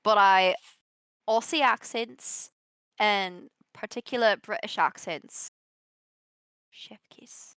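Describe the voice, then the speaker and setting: A woman's voice: mid-range voice, slow pace, a bit bright, clear, resonant tone, no room sound. A woman co-hosting a casual podcast, bubbly and gushing, laughing often and swearing freely. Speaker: podcast co-host. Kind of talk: casual live-stream podcast chat.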